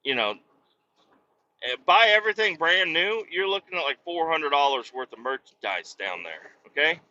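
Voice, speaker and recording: A man rambling and cursing in a casual monologue while driving his truck down the highway, with sudden loud outbursts. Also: lively intonation, moderate pace, dull audio. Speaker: podcast host.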